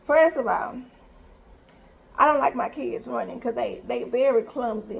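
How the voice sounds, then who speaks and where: A woman's voice: a little high, a little slow, creaky, pauses often. A woman in her thirties, a mother telling a story to her viewers in a chatty, emphatic way, repeating herself for effect. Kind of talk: casual storytime vlog.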